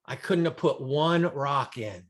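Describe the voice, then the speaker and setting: A man voicing a kind older male professor speaking with gentle sincerity. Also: medium pitch, lively intonation, a little slow, voice pushed down, natural voice. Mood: sincere.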